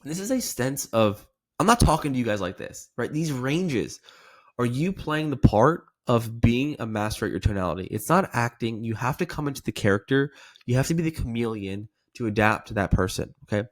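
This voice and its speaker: Sales trainer, male, mid-pitched voice, demonstrative coaching delivery, acts out sample lines. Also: expressive, moderate pace. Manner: coaching, repeats "okay?" often.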